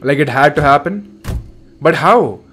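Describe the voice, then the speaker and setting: A young man narrates his horror game playthrough in a fairly high, excitable voice. He reacts loudly and swears often, with faint music playing under him. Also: unhurried. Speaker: gaming channel host. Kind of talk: let's play commentary.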